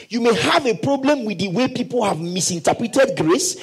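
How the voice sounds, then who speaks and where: A man preaching a sermon, reading scripture slowly and emphatically and leading the congregation in call and response. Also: extremely high pitch, breathy edge, low-quality recording. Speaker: pastor.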